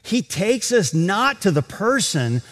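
A man preaching a sermon to a congregation in a large auditorium, reading scripture and stressing points with dramatic pauses. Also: sits high, sing-song, a bit bright. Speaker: pastor. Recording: long reverb of a large hall.

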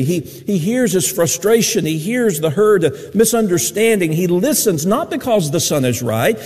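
Male pastor, high husky voice with gravelly fry, earnest sermon, long hall reverb. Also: a little mellow. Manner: earnest preaching, wide swings in pitch and volume.

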